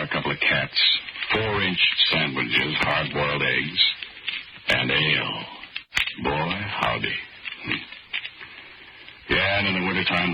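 A man's voice: very deep voice, very noisy. A man narrating a radio drama in a wry, folksy storytelling manner. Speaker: narrator and lead character. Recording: old radio recording with loud music.

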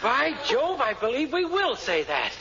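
A breezy, flippant impostor who tosses off wisecracks in 1940s radio comedy style. His voice sits high and bright, with a lively swing in pitch. It comes through a dull old broadcast with faint noise. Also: unhurried, full character voice. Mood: bossy. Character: brash wisecracking man posing as a businessman.

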